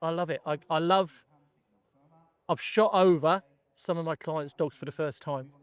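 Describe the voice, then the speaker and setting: Man telling a story in a smooth, dry voice. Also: fairly high pitch, normal speed, dry recording. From England. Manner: storytelling, self-deprecating, many restarts. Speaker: gun dog trainer, podcast guest. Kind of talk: casual podcast conversation.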